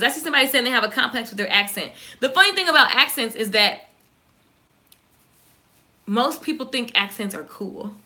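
A woman with a Southern US accent, chatting casually and fast to her viewers, joking and reacting to their comments. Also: a little high, big pitch swings, pushed and bright. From Southern United States. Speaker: YouTuber. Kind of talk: casual live-stream chat.

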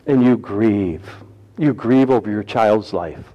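A man preaching a sermon as pastor, folksy and humorous, swinging between loud emphasis and hushed, quiet lines. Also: lowish voice, slow pace, big-room sound, dull audio.

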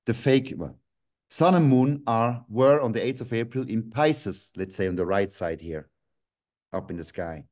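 A man's voice: lowish voice, measured pace, darkish tone. A man, a guest on a video call interview, ranting angrily, swearing and breaking into sudden outbursts. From Switzerland.

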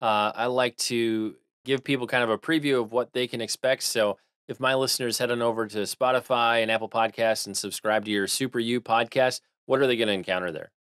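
Male podcast host, quick and polished, dry close sound. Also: medium pitch, fairly even intonation, a bit bright, clean tone, no echo. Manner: polished, scripted host wrap-up. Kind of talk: podcast interview.

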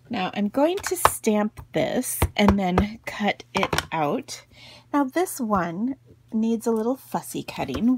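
Gravelly chatty lady doing a craft tutorial at home, giggly, pokes fun at herself. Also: on the high side, very noisy. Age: middle-aged. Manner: chatty, giggly, self-deprecating asides. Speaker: craft video host.

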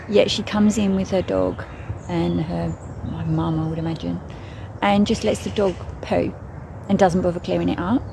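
A woman's voice: on the low side, creaky, noisy background. A British woman from the UK chatting casually and rambling with fillers as she reads an angel card for her vlog. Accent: British English. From United Kingdom.

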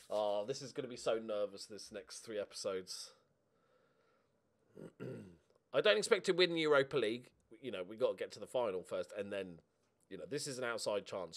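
A man giving casual, excitable commentary while he plays a football management game at home, swearing and cheering at the match. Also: medium pitch, a little fast. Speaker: gaming YouTuber. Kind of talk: casual let's-play commentary.

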